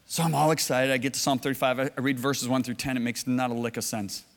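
A man preaching a sermon, telling stories and swinging from low, hushed lines to loud shouted bursts. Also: little pitch movement, quick pace, big-room sound.

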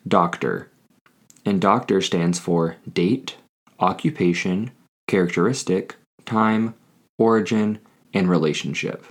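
A man hosting a scripted Spanish lesson, speaking deliberately and repeating each phrase for learners. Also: deep voice, slightly rough. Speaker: Spanish teacher.

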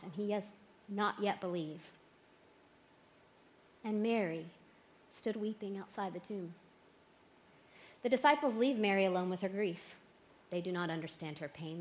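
A woman reading a gospel passage aloud and reflecting on it, slow and expressive, lifting her voice for the quoted lines. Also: mid-range voice, a little hiss or hum. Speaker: scripture reader.

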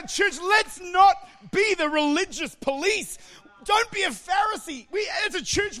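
A man preaching a sermon as pastor, impassioned and often shouting, with joking asides. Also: very high voice.

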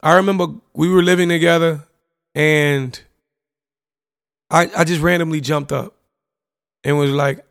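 A young man talking through memories of an old relationship, loose and candid, dropping slang and the odd curse. His voice sits a touch high for a man and has a gravelly, fried edge. It is recorded close and dry, with no room sound. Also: steady tone, unhurried, long pauses, fairly bright tone, dry recording. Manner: casual, candid storytelling with slang, profanity and frequent "you know what I'm saying". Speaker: podcast host. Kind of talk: reflective personal monologue.

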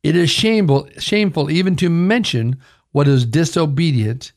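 A man's voice: a little high, normal speed, a little mellow. An older man, a pastor, preaching a sermon with emphatic delivery, often calling his listeners "folks". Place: radio broadcast.

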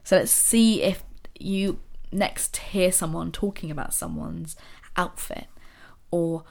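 A woman hosting a podcast, talking to listeners in a casual motivational monologue full of rhetorical questions and soft asides. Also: on the low side, unhurried, creaky. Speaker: podcast host.

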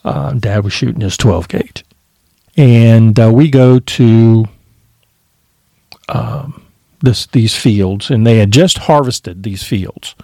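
A man's voice: medium pitch, slow, creaky, pauses often, dark tone, dry recording, studio quality. A man casually telling stories from his youth, swearing freely and laughing as he goes. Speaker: podcast storyteller. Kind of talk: casual storytelling.

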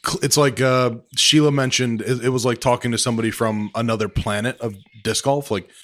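A man hosting a podcast in casual chat, relaxed and talkative. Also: medium pitch, brisk. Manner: relaxed, chatty with fillers. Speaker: podcast host.

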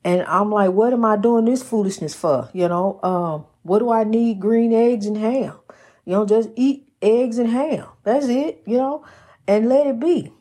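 Female host, devotional talk, slow and breathy, folksy, calls listeners honey. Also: fairly high pitch, mellow. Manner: repeats phrases with preacher-like emphasis. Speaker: host of a Christian inspirational program. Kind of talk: casual spoken devotional message.

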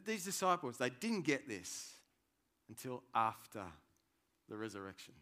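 A man preaching a sermon, animated and conversational, swinging between loud emphasis and quiet asides. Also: mid-range voice, measured pace. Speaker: pastor.

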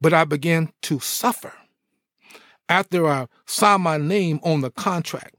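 A middle-aged man, a former pro athlete, telling his life story in a podcast interview with animated, preacher-like energy. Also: on the high side, measured pace, no room sound, studio quality. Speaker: guest, former pro football player.

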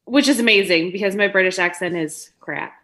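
A woman joins in on a casual movie podcast with a playful, joking delivery. Her voice is bright and sharp. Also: mid-range voice, fairly quick. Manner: playful, jokey. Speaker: podcast co-host. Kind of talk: casual film review chat.

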